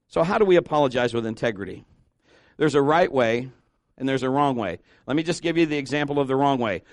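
A male pastor preaching a conversational sermon, asking the congregation questions and jumping into high excited voices when he acts out quotes. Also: fast, dry recording. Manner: animated, swings into high-pitched voices when acting out quotes.

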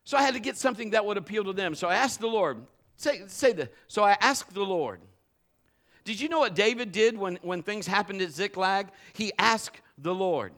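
A man's voice: high-pitched, very animated, moderate pace, fairly bright tone. A middle-aged man preaching a live sermon in a church, emphatic and building to fervent exhortation. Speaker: pastor. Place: church service.

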